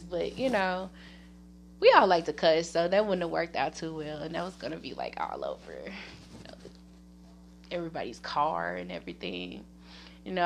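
A woman with a Southern US accent hosting her own podcast, rambling casually, laughing often and giving shout-outs to family and friends. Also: fairly low pitch, a little hiss or hum. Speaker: podcast host. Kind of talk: casual solo podcast chat.

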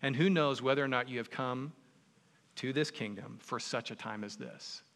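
A man preaching a sermon, retelling a story in an animated, conversational way. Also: mid-range voice, normal speed. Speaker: pastor. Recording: long reverb in a large hall.

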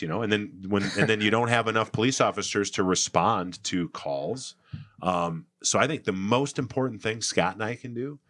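A man's voice: low voice, a bit bright, no room sound, clean studio sound. A middle-aged man talking earnestly as a podcast guest, rambling with fillers and restarts. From United States. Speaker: political candidate and guest. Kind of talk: casual podcast conversation.

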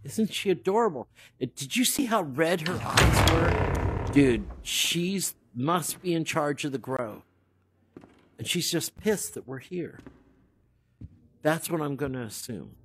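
A man's voice: mid-range voice, slight background noise. A man giving casual, joking commentary as he walks through an old hotel, talking aloud to empty rooms, recorded on a camera mic while he moves. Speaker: cannabis podcast host touring a haunted hotel. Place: old hotel building, indoors.

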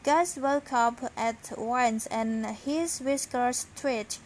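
A woman reading children's stories aloud in a slow, sleepy way. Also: on the high side, a little hiss or hum, rough recording. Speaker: storybook reader.

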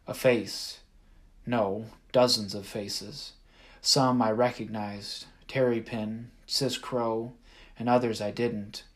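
Man narrating a story, measured. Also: mid-range voice. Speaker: audiobook narrator. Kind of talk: first-person audiobook narration.

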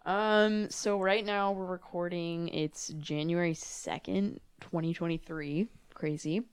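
Young woman with a gravelly, smooth voice. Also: on the low side, steady tone, slow pace, dry recording. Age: young adult. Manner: laughing, sarcastic, chatty with fillers. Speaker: podcast co-host. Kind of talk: casual chat. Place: her father's home office, indoors.

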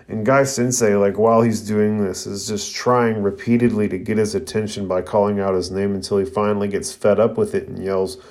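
Guy recapping an anime ep, lowish voice, casual with fillers. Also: fairly even intonation, moderate pace, few pauses, darkish tone. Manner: retelling scenes with "you know" and "uh" fillers. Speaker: anime reviewer. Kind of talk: episode recap narration.

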